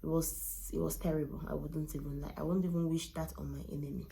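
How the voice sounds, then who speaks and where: A woman's voice: low-pitched, level tone, fast talker, vocal fry, mellow, a little hiss or hum. A young woman, candidly telling a personal story as a vlogger. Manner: candid, emotional, retelling with quoted dialogue.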